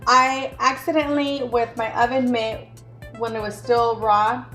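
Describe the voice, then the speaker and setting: Woman cooking-show host, fairly high voice, chatty, echoey kitchen with faint music. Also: little pitch movement, unhurried, fairly bright tone. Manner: chatty, teasing, with many fillers. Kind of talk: casual cooking demonstration. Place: home kitchen.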